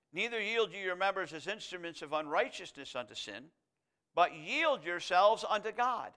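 A man preaching a sermon, moving between loud, emphatic declarations and quiet, intimate asides. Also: on the high side, smooth.

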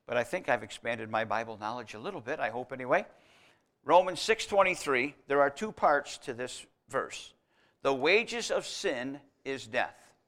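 A man preaching a teaching sermon, talking through Bible verses in a conversational way and stressing key words as his loudness rises and falls. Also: medium pitch, expressive, moderate pace. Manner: conversational, emphatic on key words, swings between loud and quiet.

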